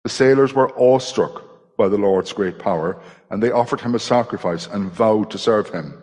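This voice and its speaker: Male scripture reader, husky voice, measured delivery, long church reverb. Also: lowish voice, a little mellow. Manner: measured dramatic reading. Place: church hall.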